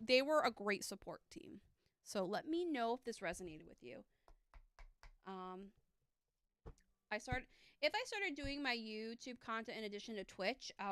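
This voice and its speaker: A woman's voice: fairly high pitch, pushed and bright, no room sound. A woman giving a live tarot reading, chatty and upbeat, with lots of fillers, speaking close to a streaming mic.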